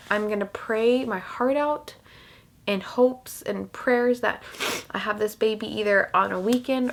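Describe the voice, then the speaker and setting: A woman's voice: on the high side, a bit bright. A young woman vlogging casually, rambling with many fillers and restarts while she cries. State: crying. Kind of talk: emotional casual vlog talk.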